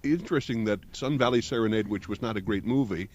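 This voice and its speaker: A radio talk show host with a fairly low voice tells anecdotes in an easy, measured way. His chat is thoughtful and unhurried. It comes through a muffled, lo-fi broadcast.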